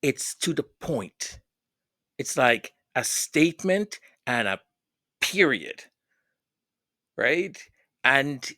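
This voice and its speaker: A man hosting a fan news channel gives casual vlog commentary in an emotional, tearful way, stammering and repeating himself often. His mid-range voice has a sharp tone. The recording is dry and clean, with studio sound.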